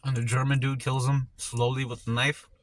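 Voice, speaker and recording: A man's voice: mid-range voice, level tone, normal speed. A man telling a story casually while eating on camera, in a rambling, laid-back way full of slang, often trailing off mid-thought. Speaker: mukbang vlogger.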